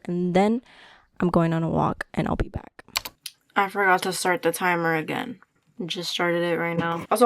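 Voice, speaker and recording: A young woman chatting casually to camera from her bedroom. Her voice sits a little low, and the recording is close and dry, with almost no room sound. She is excitable and thinks aloud as she talks. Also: dry recording. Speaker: crochet vlogger. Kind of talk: casual vlog chat. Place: bedroom at home.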